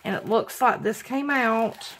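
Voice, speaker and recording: A craft vlogger from Alabama unboxes supplies, chatting giddily, gushing, laughing often and apologizing. Her voice is on the high side and a bit bright, with a measured pace and a little hiss or hum in the background.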